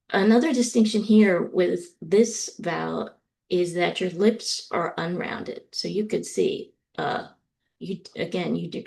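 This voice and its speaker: A woman's voice: lowish voice, gravelly, darkish tone. A middle-aged woman from the US East Coast giving a university lecture, explaining steadily with frequent ums. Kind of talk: recorded lecture.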